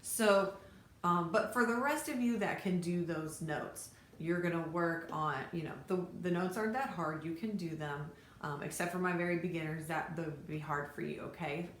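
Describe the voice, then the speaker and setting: A woman with a lowish voice teaches fiddle to her students at a normal pace, casual and encouraging as she counts beats and names bow strokes aloud. The room is echoey, with faint background noise.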